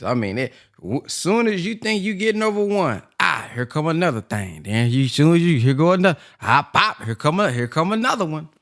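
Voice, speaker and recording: Male host, animated and gravelly, folksy and loose. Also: medium pitch. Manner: lively, laughing, folksy exclamations. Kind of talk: casual chat.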